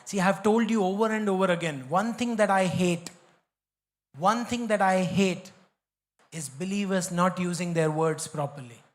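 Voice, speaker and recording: Emphatic Indian pastor preaching. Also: male voice, high voice, moderate pace. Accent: Indian English. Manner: emphatic and repetitive, mixes in Hindi. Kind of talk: sermon.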